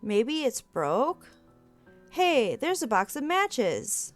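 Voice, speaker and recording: A bubbly, animated woman playing through a story game and voicing the lead sister role. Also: a little high, slow pace, faint music behind. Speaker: game streamer. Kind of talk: reading a visual novel aloud.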